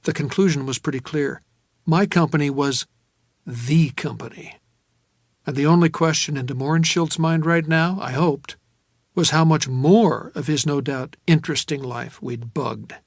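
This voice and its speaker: A man narrating a first-person audiobook, measured and wry. His voice sits a bit high for a man. The recording is dry and close, with no room sound. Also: no echo. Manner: measured, wry, low-key.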